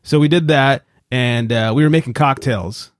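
Male podcast co-host, mid-pitched, profane and animated, dry close mic. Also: moderate pace, no room sound. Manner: profane, animated storyteller acting out quotes. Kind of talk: casual chat.

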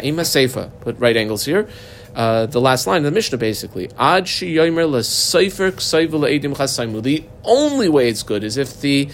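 A man's voice: a little high, a little hiss or hum. A man teaching a Talmud class, translating phrases and explaining them step by step in a casual way with many fillers.

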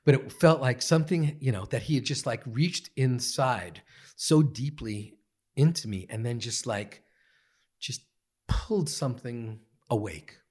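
Husky man telling a story earnestly. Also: medium pitch, darkish tone. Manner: earnest, halting, many fillers and restarts. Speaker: guest, meditation teacher. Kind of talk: reflective storytelling. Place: podcast studio.

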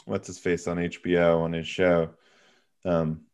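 Low-voiced man in casual movie chat. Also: level tone, unhurried, darkish tone, clean tone. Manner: hesitant, many fillers and restarts. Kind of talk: casual film discussion.

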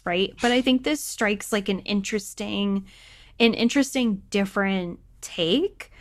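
A woman's voice: mid-range voice, normal speed. A woman co-hosting a casual book chat, analytical with joking asides. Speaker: podcast co-host. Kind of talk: casual chat about books.

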